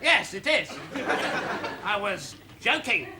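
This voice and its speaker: An actor playing a crude, sneering male lowlife sidekick in a sitcom. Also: very animated, slow pace, heavily acted. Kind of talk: sitcom acting. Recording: loud studio audience laughter, heavy hiss.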